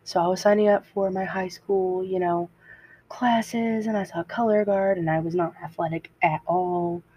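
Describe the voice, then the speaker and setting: A teenage girl tells a personal story to her podcast, rambling and correcting herself, often laughing at her own words. Her voice sits a little low and has a breathy, husky edge. It comes through a cheap, dull-sounding home mic. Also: steady tone, moderate pace. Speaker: podcast host.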